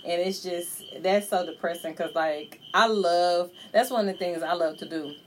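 Lower-voiced woman in easy chat. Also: moderate pace, a little hiss or hum. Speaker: podcast co-host. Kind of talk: casual chat.

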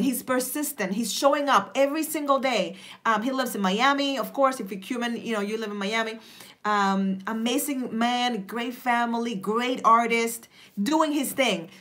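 A woman's voice: fairly high pitch, fairly bright tone. A middle-aged woman, an author, giving an emphatic motivational talk with a preacher's rhythm and rhetorical questions.

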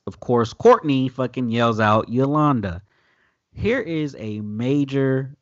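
A man's voice: fairly low pitch, dry recording, muffled recording. A man recapping a TV episode in loose, profane casual chat. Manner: loose, profane, animated retelling with quoted voices. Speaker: podcast host recapping an episode.

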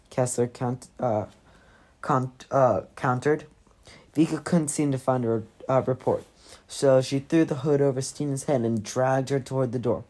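A woman's voice: rumbling low, steady tone, a little slow, dark tone. A woman casually reading a novel aloud, with chatty asides to listeners. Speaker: reader.

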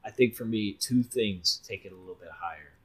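A man's voice: lowish voice, brisk, slightly rough, rough recording. A young man co-hosting a podcast, chatting casually and rambling a bit as he reviews a movie. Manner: relaxed, rambling with fillers. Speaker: podcast co-host.

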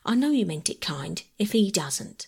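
A woman voicing a kindly, tearful working-class mother who speaks softly and comfortingly, in a husky voice. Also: medium pitch, big pitch swings, moderate pace, exaggerated voice. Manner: soft, comforting, choked.

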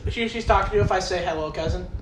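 A man's voice: high-pitched, rapid-fire, echoey room, a crowd in the background, low-quality recording. A young man co-hosting a podcast, brash and teasing, swearing through crude prank-call banter. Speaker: podcast co-host.

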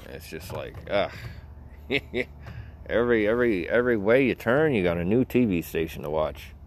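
A man's voice: lowish voice, lively intonation, moderate pace. A man from Florida, talking in a loose, profane, rambling monologue full of fillers. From Florida, United States.

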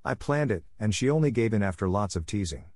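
A playful, gallant teenage boy, read by a man with a low voice delivers a mock-formal speech with winning charm. It is a storybook reading, recorded close and dry. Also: lively intonation, quick pace, darkish tone, no echo. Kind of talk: audiobook character voice.

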